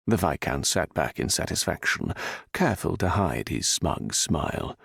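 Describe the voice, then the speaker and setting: Low, gravelly male audiobook narrator. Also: lively intonation, moderate pace, fairly bright tone, no room sound, studio quality. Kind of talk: scripted narration.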